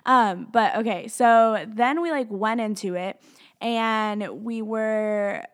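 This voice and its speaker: A woman's voice: a little high, slow pace. A young woman from Tennessee and Alabama with a Southern accent, telling a story in a casual vlog, chatty and gushing, full of "like" fillers. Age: young adult.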